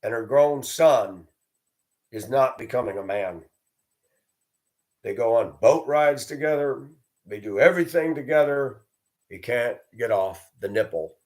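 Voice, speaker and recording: Man, ranting monologue, blunt, profane, combative, mid-pitched voice. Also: expressive, unhurried, long pauses, a little mellow. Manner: mocks others in a raised voice. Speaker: video host.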